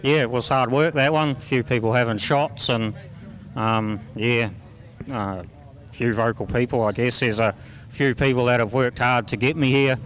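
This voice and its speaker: Laid-back New Zealand race driver. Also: male voice, mid-range voice, steady tone, moderate pace, fairly bright tone. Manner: laid-back, dry humour. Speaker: racing driver. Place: outdoors at a speedway.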